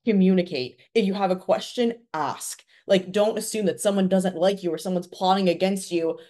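A woman's voice: medium pitch, moderate pace, dark tone. A woman in her twenties from Canada, a podcast guest speaking earnestly in casual conversation and giving advice with plenty of fillers. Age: 20s.

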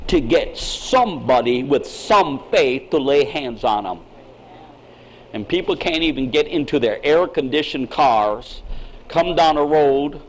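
Older man, pastor, emphatic sermon delivery, high voice, quiet to shouting. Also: rough recording.

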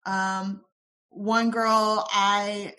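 A young woman guest on a podcast interview, telling a personal story with quoted dialogue, soft and halting, with many pauses and ums. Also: medium pitch, little pitch movement.

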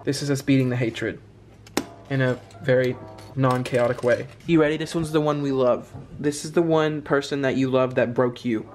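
A man's voice: mid-range voice, fairly even intonation, normal speed, a little mellow, soft background music. A man chatting casually to camera in a vlog, dramatic and slangy as he talks. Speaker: vlogger.

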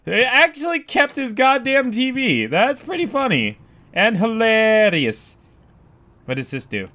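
Excitable high-voiced man gaming. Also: unhurried. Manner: excitable, swears a lot, yelps when startled. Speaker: gamer. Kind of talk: let's play commentary.

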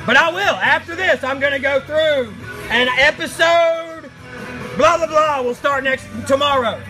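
A man voicing a crude, foul-mouthed, grumpy male box monster who hosts a live stream with shouty, mock-outraged rants. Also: very high-pitched, measured pace, low-quality recording. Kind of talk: live stream chat in character. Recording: music playing behind the voice.

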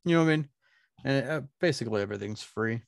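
A man's voice: medium pitch, animated, fast talker, creaky, dry recording, clean studio sound. A young man co-hosting a casual podcast chat, talking loosely, teasing and swearing freely. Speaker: podcast co-host.

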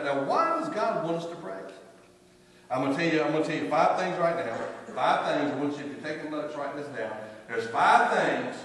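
Older male pastor, folksy storytelling sermon, a touch high, heard from afar in a reverberant church hall. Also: a bit bright. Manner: folksy, storytelling preacher with repetitions and asides. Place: church sanctuary. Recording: echoey church hall from far off.

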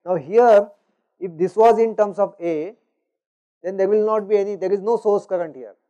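A man's voice: high-pitched, moderate pace, dark tone, highs cut off. A male university lecturer, explaining engineering concepts in a recorded lecture, often checking in with "is it not?". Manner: explanatory, frequent "you know" and "is it not?".

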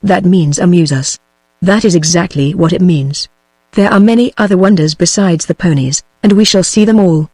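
A synthetic British woman's voice reading the lines of a grave, kindly middle-aged man in an even, computer-made way. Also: on the low side, normal speed, husky, dry recording. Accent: British English. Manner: flat synthetic delivery.

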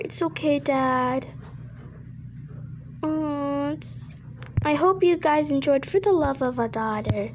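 Young woman, very high voice, slow drawn-out talk, emotional reaction vlog, faint hiss behind. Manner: emotional, exclaiming and half-crying. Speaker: reaction video host. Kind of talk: reacting to a video and singing along.

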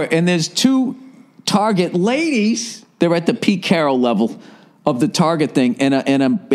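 Podcast host in his forties, slightly high, very expressive, profane comic storyteller. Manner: profane, animated, laughing at his own jokes. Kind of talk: casual comedic storytelling.

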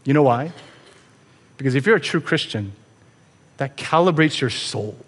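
A man preaches from a church stage, earnest and conversational as he presses his congregation with rhetorical questions. His voice sits in an ordinary middle pitch. The sanctuary adds a long, ringing reverb. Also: expressive, normal speed, husky. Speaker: pastor. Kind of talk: sermon.

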